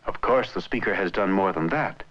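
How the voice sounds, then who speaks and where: A man narrating an educational film in a clear, measured way. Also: deep voice, a bit bright. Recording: muffled old film soundtrack.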